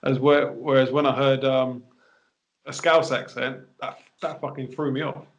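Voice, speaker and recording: A man's voice: medium pitch, level tone, a little slow, muffled recording. A man from England with a Bournemouth accent, a rapper guest chatting loosely and swearing a lot on a podcast. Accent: Bournemouth English. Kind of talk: casual podcast chat.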